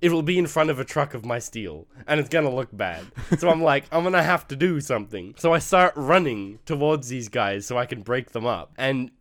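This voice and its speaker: A man's voice: medium pitch, normal speed, hardly any pauses, no echo. A young man casually telling a story about his job to a friend, laughing now and then. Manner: laughs while telling, relaxed. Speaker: friend, steel-company worker.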